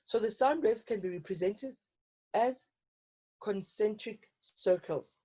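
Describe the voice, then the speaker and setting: A woman with a mellow, medium-pitched voice teaches a physical science lesson at a slow pace, often asking her students "okay?" as she works through problems. It's an online lesson, and the audio is dull and lo-fi.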